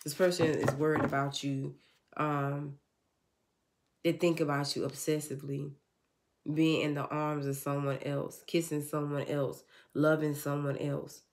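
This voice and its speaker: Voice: medium pitch, flat delivery, measured pace, slight background noise. A tarot reader giving a channeled love reading in a casual, earnest, repetitive way, often speaking for an unseen person. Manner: casual, informal.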